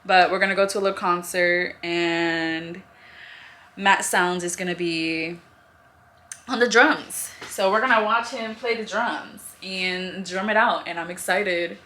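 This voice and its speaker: A woman's voice: fairly low pitch, unhurried, slight background noise. Chatty young woman vlogging from her car. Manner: chatty, animated storytelling. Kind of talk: casual vlog to camera.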